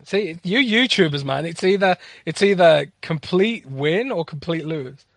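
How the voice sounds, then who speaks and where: A man's voice: a little high, animated, a little slow, no echo. Wry sarcastic man on a podcast. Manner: wry, sarcastic, laughs often, trails off quietly. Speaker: podcast co-host. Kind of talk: casual podcast chat.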